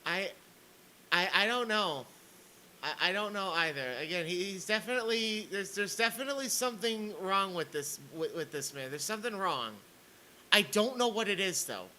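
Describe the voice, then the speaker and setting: Guy streamer ranting over clips, sarcastic, keeps stumbling on words, bright sharp voice, bit high. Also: expressive, normal speed, slight background noise, low-quality recording. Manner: stammering, sarcastic.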